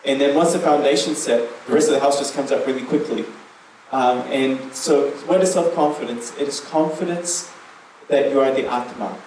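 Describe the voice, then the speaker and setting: A man sharing memories with a gathering in an earnest, reflective way, slowing down to stress key words. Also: mid-range voice, darkish tone. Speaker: youth group member sharing memories. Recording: echoey room, distant mic, faint noise.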